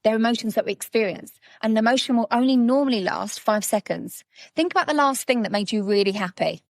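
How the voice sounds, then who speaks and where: A woman coach in casual podcast conversation, animated and acting out little scenes as she explains. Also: on the high side, fast, dry recording, studio quality. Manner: animated storytelling, acting out quotes. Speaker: guest coach.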